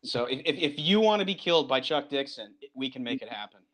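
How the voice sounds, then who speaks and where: Talking fast at a medium pitch, the comic book creator keeps the casual interview lively, breaking into movie lines and restarting his thoughts often.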